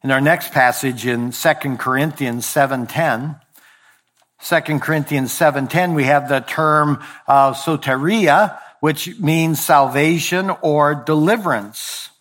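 A man preaching a sermon deliberately, slowing on key phrases and dropping low at the ends of lines, with the odd slip he corrects. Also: a bit bright. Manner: occasional verbal slips and self-corrections. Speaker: pastor.

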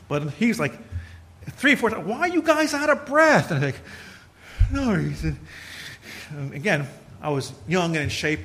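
Middle-aged preacher, bright forceful tone, tells folksy stories, preaches with emphasis. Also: male voice, fairly high pitch. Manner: conversational, storytelling, builds to emphatic preaching. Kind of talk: folksy sermon with personal stories.

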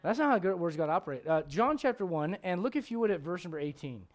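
A man with a high voice preaches from the pulpit. He jumps from loud, pointed questions aimed at the congregation to low, quiet asides, and he hammers his points with repetition. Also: lively intonation, fast talker. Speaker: pastor. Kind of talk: sermon.

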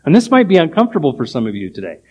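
Pastor guy preaching, kinda high voice, firm and emphatic, lots of "how do we do it?" type questions. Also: huge pitch swings, racing, darkish tone, breathy edge, lo-fi sound. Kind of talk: sermon.

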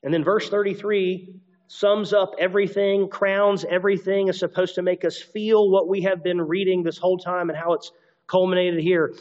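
A man's voice: high voice, steady tone, a little fast, darkish tone. Man preaching a conversational sermon, muffled. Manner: conversational, reads scripture aloud with asides. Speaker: pastor. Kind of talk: expository sermon.

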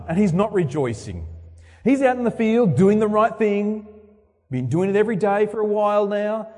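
Man preaching in a reverberant hall. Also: slightly rough. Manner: dramatic, acts out quoted speeches with sharp swings in pitch and loudness. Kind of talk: sermon. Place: church. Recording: long reverb of a large hall.

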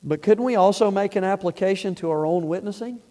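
A man with a notably high voice delivers a sermon from the pulpit of a church. His talk is folksy and plain-spoken, and it swells into loud, emphatic exhortation. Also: a little fast. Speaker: pastor. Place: church sanctuary.

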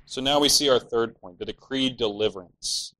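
A man's voice: mid-range voice, moderate pace, a bit bright, rough recording. A man preaching an expository sermon, explaining scripture earnestly and at times voicing the villains' laments in a mocking tone.

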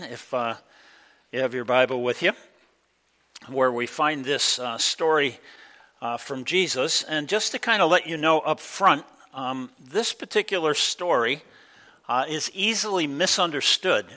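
Middle-aged guy pastor, loose chatty sermon, lots of ums, bright voice. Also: mid-range voice, low-quality recording. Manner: relaxed, conversational, many ums and uhs.

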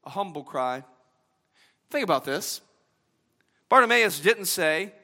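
A male pastor with a drawl delivers a sermon in a high, bright, ringing voice. He swings from loud, soaring exhortation down to quiet, hushed emphasis. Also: animated, takes it slowly, creaky, long pauses, long reverb tail. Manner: dynamic preaching, swinging from loud and high to soft and low.

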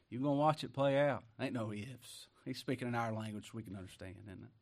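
Preaching a sermon, this man reads scripture loudly and slowly, then drops to quiet, low asides and rhetorical questions in a folksy way.

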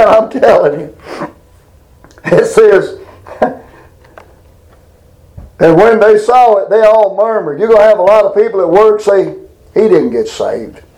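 A man's voice: very high voice, a little mellow, low-quality recording. A man giving a folksy, emphatic Bible lesson, reading scripture aloud and explaining it in plain talk. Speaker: preacher. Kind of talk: informal Bible teaching.

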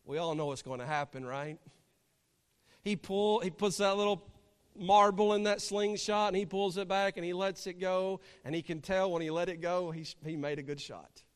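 A man with a high voice preaches a sermon, moving from gentle storytelling to fervent, emphatic appeals. His words ring out with a long hall reverb, as if from a church pulpit. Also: steady tone, moderate pace, smooth. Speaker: pastor.

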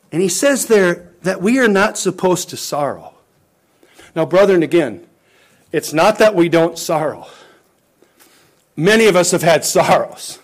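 A man preaching a sermon, impassioned, swinging between loud rising lines and hushed low ones, calling questions out to the congregation. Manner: impassioned, rising and dropping to near-whispered lows.

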